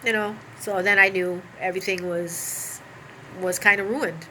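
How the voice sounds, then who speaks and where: A woman with a bright, forceful voice recounts a painful personal story, talking in a loose, animated way with plenty of asides. A faint hiss of noise sits under her voice. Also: mid-range voice, unhurried, poor audio. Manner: animated, rambling, with many asides and fillers. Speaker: vlogger telling a personal story.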